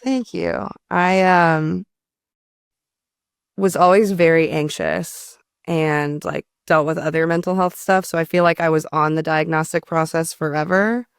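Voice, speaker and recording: A podcast host with a smooth, clear voice at a middle pitch. They speak thoughtfully and reflectively, pausing on fillers as they search for words. The sound is dry and close. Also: steady tone, no room sound. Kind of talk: casual interview talk.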